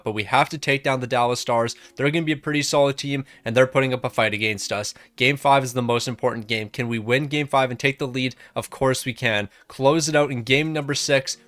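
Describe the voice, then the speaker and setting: Young male gaming creator, energetic play-by-play of his own hockey game run, dry close mic. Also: medium pitch, no echo. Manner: hyped, talks himself through the games. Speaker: gaming YouTuber.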